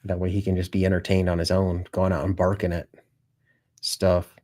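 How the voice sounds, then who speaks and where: A man with a fairly low voice talks at normal speed straight to viewers of his loose live stream. He's relaxed and conversational, his offhand, rambling chat peppered with swearing and "dude."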